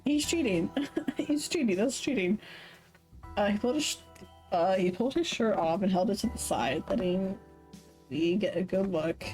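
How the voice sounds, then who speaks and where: A woman's voice: mid-range voice, moderate pace, pauses often, a little mellow, soft background music, rough recording. Woman streamer reading a game aloud, swearing casually. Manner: casual, swears freely, laughs often, corrects herself mid-sentence. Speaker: Twitch streamer. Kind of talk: reading a visual novel aloud with live commentary.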